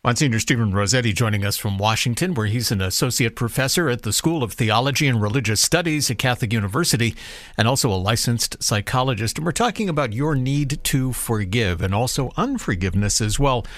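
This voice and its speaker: A man's voice: medium pitch, quick pace, no room sound. A man hosting a Catholic radio call-in show, introducing a guest and reading out the phone number. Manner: lively, repeats phone number in sing-song. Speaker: radio host.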